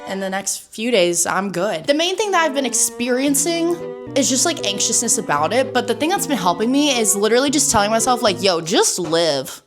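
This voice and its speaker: A woman's voice: fairly high pitch, very animated, brisk, music in the background. A young woman vlogging in a casual, chatty way. She tells stories with energy and says "like" a lot. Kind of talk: casual chat.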